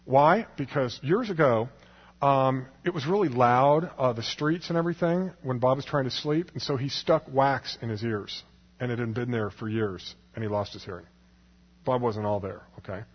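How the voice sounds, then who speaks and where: A man's voice: medium pitch, moderate pace, slightly rough. A man telling a personal story to an audience in a chatty way, laughing often and acting out the people in it. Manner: chatty, laughs often, restarts, acts out quoted voices. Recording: long hall reverb, dull lo-fi sound.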